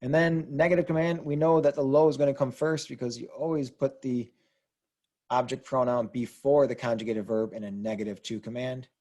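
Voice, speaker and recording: A man's voice: medium pitch, fairly even intonation, brisk, dark tone. A man teaching a language lesson, explaining rules patiently and spelling words out letter by letter. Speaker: Spanish teacher. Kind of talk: explaining grammar on a whiteboard.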